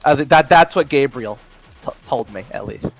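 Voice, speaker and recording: A man's voice: medium pitch, animated, normal speed, gravelly, soft background music, low-quality recording. A man chatting jokily while playing a game, stammering through restarts and giggling often. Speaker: let's play co-host. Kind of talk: casual chat over gameplay.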